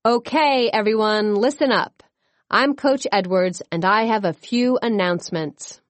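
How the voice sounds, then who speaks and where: A woman voicing a loud, commanding female gym coach in a storybook reading. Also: mid-range voice, expressive, measured pace, no room sound, natural voice.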